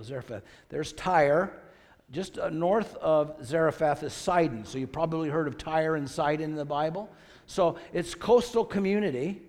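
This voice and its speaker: A male pastor delivers a sermon in a somewhat high voice, reading scripture with mounting emphasis and pausing to quiz his listeners. His words ring out with a long reverb, as in a large church sanctuary. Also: a little mellow. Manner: asks the congregation questions, reads scripture with rising emphasis.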